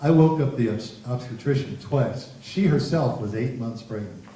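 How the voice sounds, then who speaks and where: A man's voice: mid-range voice, moderate pace. Man giving a seminar in a big echoing hall. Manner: animated storytelling, acting out voices. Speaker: psychologist giving a parenting seminar. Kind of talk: humorous seminar talk. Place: large hall with an audience. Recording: roomy, distant, noisy hall recording.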